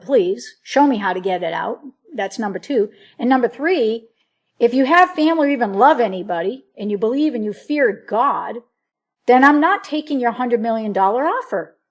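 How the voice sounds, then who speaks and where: A woman with a slightly high voice tells her story in a loose, earnest, rambling way. She keeps slipping into quoted back-and-forth as she talks through it, with plenty of restarts and fillers. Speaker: interview guest. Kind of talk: casual spoken testimony.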